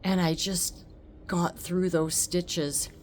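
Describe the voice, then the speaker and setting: A woman telling a personal story on her vlog, emotional and expressive, laughing often. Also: on the low side, takes it slowly, a little hiss or hum. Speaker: vlogger.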